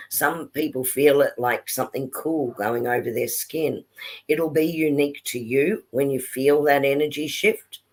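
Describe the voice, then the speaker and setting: A man hosts a spiritual teaching session on a live stream, taking his time as he explains things step by step. He pauses often with fillers, and the sound comes through a home video call connection. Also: medium pitch. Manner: slow, explanatory, with frequent fillers. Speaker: spiritual workshop host.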